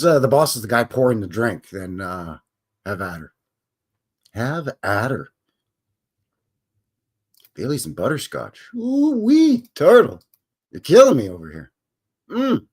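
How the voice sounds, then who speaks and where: A man from Canada, voice on the low side and slightly rough, runs a casual live stream where he meanders, jokes around with his chat, and quietly chuckles at himself.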